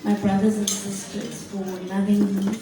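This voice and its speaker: Emotional south african woman accepting an award, soft and slow, far from the mic, echoey hall. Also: medium pitch, completely flat delivery, noisy background. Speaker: award recipient. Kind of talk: acceptance speech. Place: large event hall.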